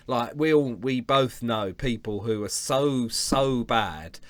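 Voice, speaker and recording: Comedian bloke on a podcast, wry and chatty, dead dry sound. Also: male voice, medium pitch, slow pace, dry recording. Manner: short agreeing interjections and wry comments. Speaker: podcast co-host, stand-up comedian. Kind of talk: casual podcast chat.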